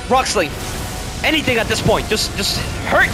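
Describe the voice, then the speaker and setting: A man giving loud, excitable let's-play commentary, swearing and swinging between low groans and yells. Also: fairly quick, music in the background. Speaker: gaming YouTuber.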